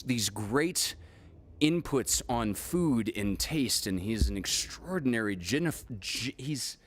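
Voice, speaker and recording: A man hosting a casual live music stream, rambling through an animated story with restarts and casual swearing, talking from home. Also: medium pitch. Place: home, with balcony and fire pit.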